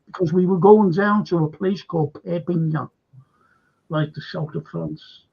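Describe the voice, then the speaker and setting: A man's voice: fairly high pitch, a little slow, creaky, husky. An older man hosting a show, telling a rambling story in casual chat and repeating himself. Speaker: host. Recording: dull lo-fi stream audio.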